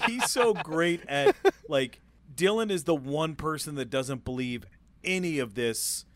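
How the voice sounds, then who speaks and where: A man with a fairly high voice rambles enthusiastically, swearing freely. He is recorded close and dry, with no reverb around him. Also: lively intonation, unhurried. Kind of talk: casual movie discussion.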